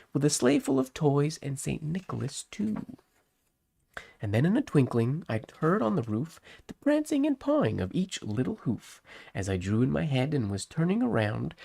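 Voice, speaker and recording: This man has a medium-pitched, slightly rough voice with some vocal fry. He's streaming a calligraphy session, chatting casually and thinking aloud as he writes, then reads a holiday poem aloud in a relaxed way.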